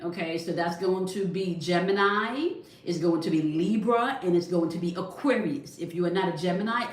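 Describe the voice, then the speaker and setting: Woman reading tarot in an echoey room. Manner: instructive, checks in with "okay?" after each point. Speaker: tarot reader. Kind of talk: spiritual tarot reading to viewers. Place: at a desk indoors. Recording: echoey room, mic at a distance, faint rumble.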